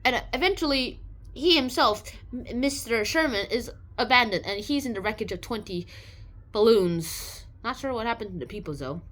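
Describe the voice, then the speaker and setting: A woman summarizing a book in a loose, rambling way, restarting her sentences as she goes. Her voice is a bit high and very lively in pitch. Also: moderate pace. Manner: animated, rambling, with many restarts and playful voices. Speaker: book reviewer.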